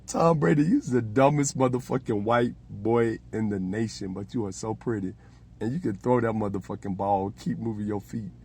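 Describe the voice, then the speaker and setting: Gravelly man telling profane comic stories. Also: on the low side, moderate pace. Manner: profane, animated storytelling. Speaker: host. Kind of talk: rambling comedic monologue.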